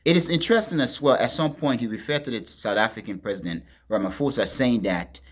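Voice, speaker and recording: A man hosting a political commentary monologue, talking to his listeners as friends in a deliberate, emphatic way and leaning hard on key words. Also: medium pitch. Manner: deliberate, addresses listeners as friends, stresses words with sharp swings in loudness.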